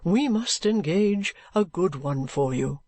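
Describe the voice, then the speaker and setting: A reader doing an earnest older gentleman. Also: mid-range voice, expressive, slow, no echo. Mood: urging. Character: kindly older gentleman guardian, excitable.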